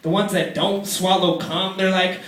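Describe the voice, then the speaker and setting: A young man in his twenties doing a crude, rambling stand-up routine in a comedy club, often slipping into squeaky put-on voices. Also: little pitch movement, moderate pace. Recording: echoey club with loud crowd, distant mic.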